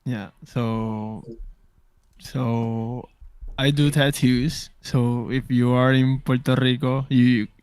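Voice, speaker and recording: Slow, flat-voiced man, smooth and dry. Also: mid-range voice, no echo. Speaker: podcast co-host. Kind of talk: casual chat.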